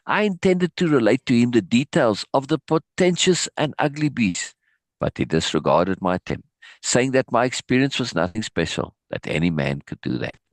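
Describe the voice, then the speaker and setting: A man hosting a live reading of a book, breaking off for animated, laughing asides with halting restarts. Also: medium pitch, no echo. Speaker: host reading a book aloud. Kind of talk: live-stream reading with commentary.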